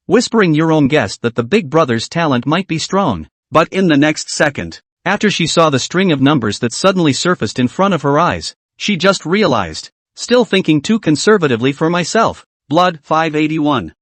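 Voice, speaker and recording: Brief: male narrator, lively read-aloud story recap, fairly high voice. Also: no echo. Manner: steady read-aloud delivery.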